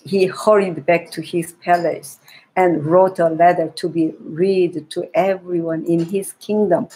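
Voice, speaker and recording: Slow, breathy woman reading to children. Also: lowish voice, steady tone, low-quality recording. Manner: gentle reading with frequent restarts and repeated phrases. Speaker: children's Bible storyteller. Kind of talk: reading a children's Bible story aloud.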